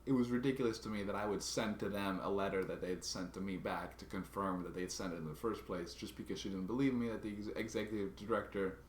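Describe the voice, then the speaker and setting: Brief: deep-voiced man, casual halting vlog narration, echoey room, faint background hiss. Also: steady tone. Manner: halting, restarts and repeats words while recounting a grievance. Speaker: vlogger.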